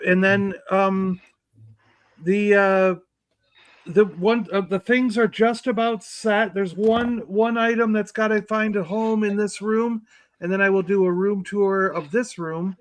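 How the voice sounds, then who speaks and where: A man's voice: high-pitched, no room sound. A man co-hosting a livestream in casual chat, rambling with fillers. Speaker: livestream co-host.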